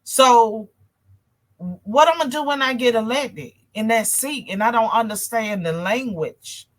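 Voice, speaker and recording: Hosting a laid-back political talk show, a twangy North Carolina woman chats with her viewers, addresses them as y'all and reads out comments. Her slightly high voice is expressive and unhurried.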